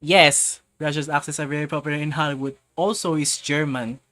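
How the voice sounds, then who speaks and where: A man's voice: on the high side, fairly even intonation, fairly quick, sharp tone, no echo. A man chatting casually on a live stream, rambling and often restarting and repeating himself, speaking English as a second language. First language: not English.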